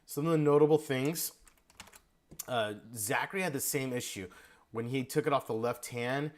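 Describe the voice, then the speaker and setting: A man's voice: medium pitch, moderate pace. A man giving casual feedback in an online percussion lesson, now and then singing the rhythms on syllables. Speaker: percussion instructor.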